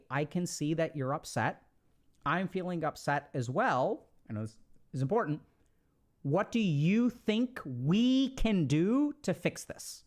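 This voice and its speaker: A man giving a casual, explanatory talk who keeps checking in with his listeners and uses lots of conversational fillers. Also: on the high side. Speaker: speaker on relationships.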